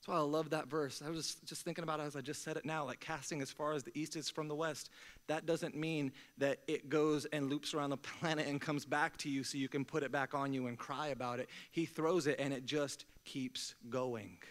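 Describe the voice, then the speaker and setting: A young man preaching a sermon to his church, energetic and joking, calling out to the congregation to respond. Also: a little high, brisk. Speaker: pastor. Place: church sanctuary.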